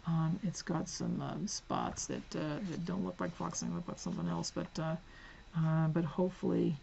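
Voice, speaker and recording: A woman's voice: on the low side, fairly even intonation, moderate pace, creaky, muffled recording, a little hiss or hum. Chatty, giggly book-haul woman. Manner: chatty, giggly, drifts into soft whispers while reading spines. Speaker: book vlogger. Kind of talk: casual book haul vlog. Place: home.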